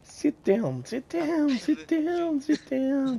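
A man playing a menacing interrogator in a game roleplay, swinging between profane shouting and hushed taunts. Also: very high-pitched, animated, slow pace, creaky.

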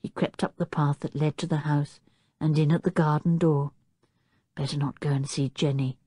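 A woman reading a children's audiobook with expressive, storytelling delivery. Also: normal speed, slightly rough, no echo. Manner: expressive storytelling, varied pitch. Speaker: audiobook reader. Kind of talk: audiobook narration.

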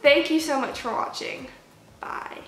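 A young woman vlogger casually telling a story, animated and chatty, acting out the people she quotes. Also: high-pitched, a little slow, creaky, background noise. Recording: echoey room.

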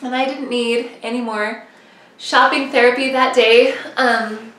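High-voiced woman telling a story, echoey room. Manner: animated, self-mocking, quick asides. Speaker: religious vlogger. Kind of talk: personal storytelling. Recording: echoey room, mic at a distance.

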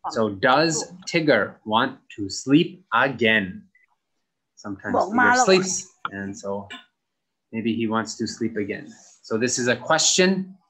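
A man teaching an English lesson to young students, explaining slowly and carefully and repeating instructions. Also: lowish voice, fairly bright tone. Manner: slow, careful explaining to children. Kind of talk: recorded online lesson.

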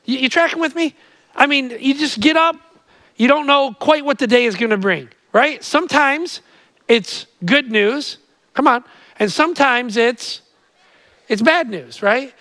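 A man preaching a sermon to a live church crowd, lively and stammering through restarts, then quiet and earnest when he prays. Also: very high voice, measured pace, dry recording, low-quality recording. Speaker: pastor. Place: church auditorium with live audience.

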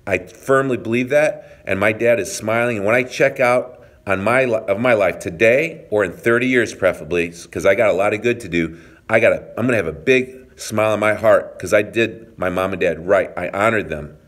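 A man's voice: lowish voice, fairly quick, a bit bright. A man in his fifties from the United States, a personal trainer telling an emotional personal story straight to his viewers in an earnest way. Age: 50s.

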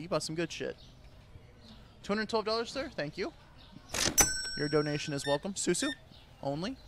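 A young man giving casual, sarcastic gameplay commentary, swearing a lot and yelling at the customers in the game. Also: a little high, gravelly, heavy background noise. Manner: jumps between mutters and loud outbursts. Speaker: gaming video creator.

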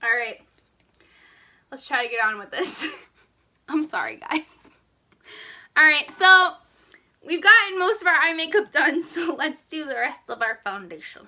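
Young female makeup vlogger, casual live chat; high, animated, bright voice, panicky edge. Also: measured pace, pauses often. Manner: jittery, panicky, laughing between lines.

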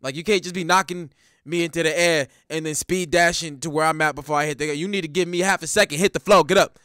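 A male reaction host talks over a clip in an animated, slangy way, swearing often and laughing. His voice is high and bright, recorded close and dry. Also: quick pace, smooth, no echo. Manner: animated, slangy, frequent profanity, laughing asides. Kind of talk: casual reaction commentary.

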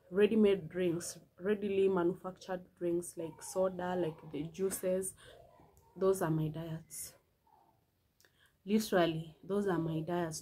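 Through slight background noise in a low-quality recording comes a fairly low, warm voice belonging to a woman in her early twenties. She's an earnest vlogger talking casually about her life and repeating herself often to drive points home.

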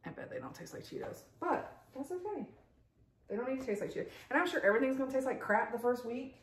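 Seated at her kitchen table with pets nearby, a vlogger rambles through a casual unboxing, full of asides and laughter. Her voice sits high with big pitch swings and a quick pace, recorded in an echoey room with a little hiss or hum.

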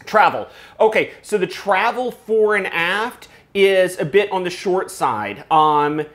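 A chatty man hosting a relaxed gear review, his voice sitting a little high for a man. He explains things at length and laughs easily. The room around him rings with a noticeable echo. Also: slow. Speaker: host reviewing flight sim gear. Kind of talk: casual product review chat. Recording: roomy echo.

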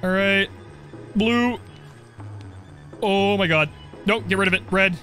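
A young man commenting on his game play, joking and getting excited as he goes. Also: sits high, takes it slowly, long pauses, soft background music. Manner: jokey, excitable, role-plays as the character. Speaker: gaming video creator.

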